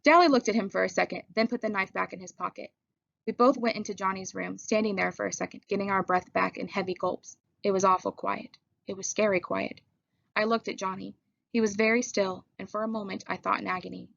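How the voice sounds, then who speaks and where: A woman reading a novel aloud in first-person narration, with steady, measured storytelling. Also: mid-range voice, creaky, dry recording, muffled recording. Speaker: audiobook reader.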